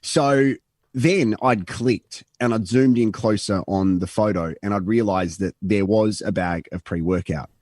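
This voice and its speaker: Low-voiced Australian man telling a story. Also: measured pace, a little mellow, dry recording, clean studio sound. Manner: rambling anecdotal storyteller, swearing, acting out quotes. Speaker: radio show co-host. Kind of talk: casual storytelling chat.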